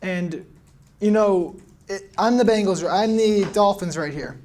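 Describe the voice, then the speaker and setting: A young man running a casual mock draft chat, animated and jokey. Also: high-pitched, a little slow, a little hiss or hum.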